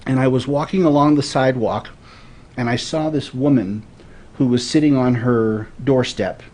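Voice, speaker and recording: Guest storyteller, man, forties, earnest and reflective, middle pitch. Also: normal speed, a little mellow. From Florida. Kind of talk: casual interview storytelling.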